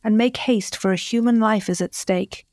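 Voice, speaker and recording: A woman voicing a wise old man in a read-aloud fairy tale, calm and knowing. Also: mid-range voice, normal speed, dry recording, lightly acted. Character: wise old man who knows the witch's ways.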